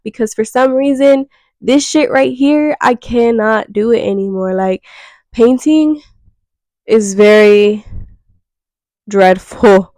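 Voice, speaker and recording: Candid young woman with a gravelly voice. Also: mid-range voice, darkish tone, no room sound, rough recording. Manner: frank and rambling, swears casually. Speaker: vlogger. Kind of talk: candid self-reflective monologue.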